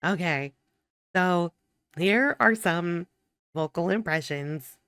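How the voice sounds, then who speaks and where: A woman's voice: on the low side, slow pace, a bit bright, clear, resonant tone, no echo. A woman streamer chatting casually to her viewers in a playful, giggly, self-deprecating way, on a close mic. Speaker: VTuber streamer. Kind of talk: casual chat to camera.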